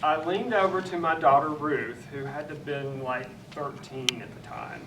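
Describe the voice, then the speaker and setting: A man's voice: fairly high pitch, normal speed. A middle-aged man telling family anecdotes at a church panel, laughing often. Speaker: drag nun guest. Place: large echoey church sanctuary. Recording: echoey room, distant mic, background noise.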